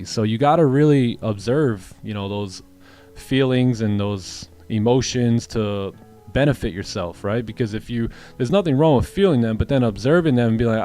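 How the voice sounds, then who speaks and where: A man's voice: mid-range voice, moderate pace, dark tone, faint music behind. A man hosting a live trading stream, answering chat questions in a rambling, casual way and often repeating words. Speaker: trading livestream host.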